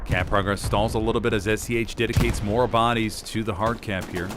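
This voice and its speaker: A man doing live play-by-play commentary on a competitive shooter match, lively and prone to sudden exclamations. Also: on the low side, brisk, heavy background noise. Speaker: competitive game caster. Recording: game gunfire and artillery clearly heard behind. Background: game gunfire and explosions.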